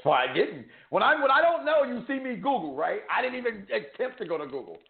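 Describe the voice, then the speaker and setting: A man hosting a sports betting show, joking and bantering, swinging from loud hype to low asides. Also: sing-song, brisk, creaky, a loud crowd. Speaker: sports picks show host. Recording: echoey room over a tinny phone-like line.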